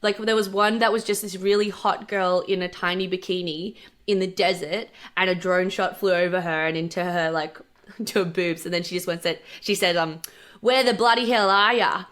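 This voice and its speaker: A woman's voice: on the low side, level tone, normal speed. An Australian woman, a podcast guest, chatting casually and animatedly, with many likes and restarts and frequent laughter. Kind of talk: casual chat.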